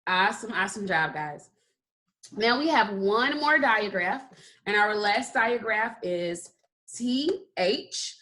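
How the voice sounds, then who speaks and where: A woman teaching a kindergarten phonics lesson online, upbeat and deliberate, drawing out letter sounds for children to repeat. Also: mid-range voice, animated, a bit bright, rough recording.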